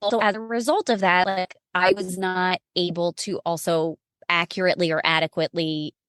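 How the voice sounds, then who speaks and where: A woman guest on a podcast telling her story in a casual, expressive, self-mocking way, full of "like" fillers. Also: lowish voice, moderate pace, clear, resonant tone, no room sound, studio quality. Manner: chatty with frequent "like" fillers.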